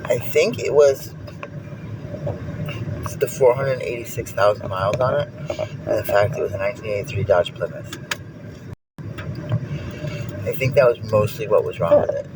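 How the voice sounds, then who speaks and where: A man's voice: fairly low pitch, a little slow, pauses often. A man livestreaming from inside a car, chatting and making up a silly, rambling story for his viewers. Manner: goofy, rambling, playful storyteller. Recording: noisy phone stream in a car.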